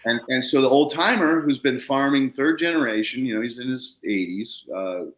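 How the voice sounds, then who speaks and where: A man's voice: mid-range voice, normal speed, a bit bright, roomy sound. A man hosting a podcast, telling a story in a casual, slangy way and acting out both sides of phone calls. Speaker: podcast host.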